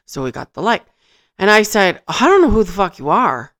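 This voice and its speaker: Woman podcast host, animated storytelling, lively swooping voice, laughs and swears. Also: mid-range voice, fairly quick. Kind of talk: casual storytelling chat.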